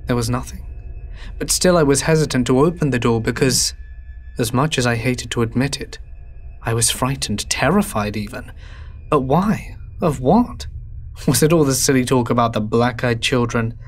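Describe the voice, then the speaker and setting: Hushed male horror narrator. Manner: low, hushed and drawn-out delivery.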